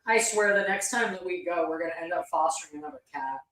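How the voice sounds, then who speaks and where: A woman's voice: lowish voice, quick pace, a bit bright, reverberant. A woman teasing and needling a co-host with sardonic remarks in casual panel chat.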